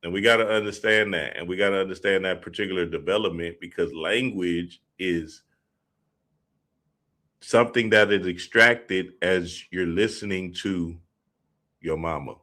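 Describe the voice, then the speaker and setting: Man, lowish voice, casual storytelling monologue, heavy slang and cursing. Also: normal speed, bright, forceful tone. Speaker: podcast host.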